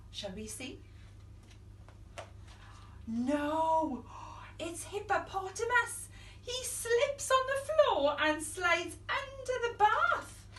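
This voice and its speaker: A young woman reads a picture book aloud to children, playful and dramatic, with hushed whispers and gasps. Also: high-pitched, echoey room, distant mic. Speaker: children's storyteller.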